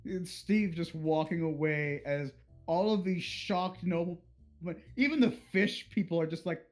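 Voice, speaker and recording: A man narrates a tabletop game as its game master. His voice sits a little high, and he tells the scene in a crude, playful way. Faint music plays behind him. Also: unhurried.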